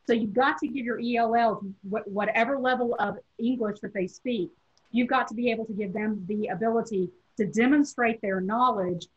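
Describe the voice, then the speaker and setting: Southern woman, Tennessee-raised, teacher educator lecturing on a webinar; husky, measured delivery, muffled lo-fi call audio. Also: a little high. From Tennessee, USA. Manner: measured, explanatory, addresses teachers directly.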